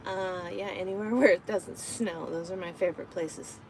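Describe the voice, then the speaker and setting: A woman's voice: on the low side, fairly even intonation, moderate pace, a little mellow, slight background noise, poor audio. A woman truck driver chatting casually on a live stream from inside her truck cab, talking to her viewers and her cat.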